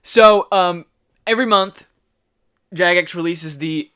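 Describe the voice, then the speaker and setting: A man's voice: on the high side, animated, moderate pace, pushed and bright. A man co-hosting a casual gaming podcast, laughing often and tripping over words. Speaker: podcast co-host.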